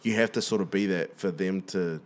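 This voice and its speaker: A young man from New Zealand with a New Zealand accent, a comedian chatting as a podcast guest, animated and swearing freely. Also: sits low, brisk. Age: young adult. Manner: animated, swears freely, says bro a lot. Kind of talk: casual podcast chat.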